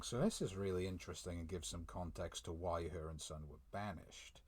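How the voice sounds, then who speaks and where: Deep-voiced man reacting casually. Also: steady tone, a little fast, hardly any pauses, darkish tone, breathy edge. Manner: chatty, chuckles often, reads dialogue aloud. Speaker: manga reviewer. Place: room at home. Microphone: desk mic.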